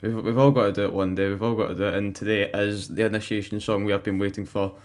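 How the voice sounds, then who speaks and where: A man's voice: lowish voice, little pitch movement, quick pace. A man hosting a football podcast in a loose, jokey way. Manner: jokey, loose, leads the chat. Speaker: podcast host.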